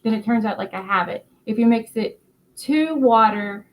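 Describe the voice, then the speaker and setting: On a laid-back craft live stream, a weary woman with a North Carolina Southern accent rambles through her explanations, full of fillers and halting words. Her voice is on the high side, and the low-quality recording carries a little hiss or hum.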